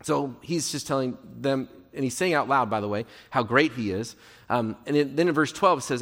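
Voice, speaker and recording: A male pastor preaching a sermon in an earnest way, moving between emphatic and hushed delivery. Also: medium pitch, moderate pace. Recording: long hall reverb.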